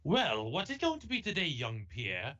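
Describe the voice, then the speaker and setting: A man reading the part of a male priest who tutors a boy at sea, in a measured read-aloud manner. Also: a little high, wildly swooping pitch, pushed and bright, dull audio, heavily acted. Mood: instructive.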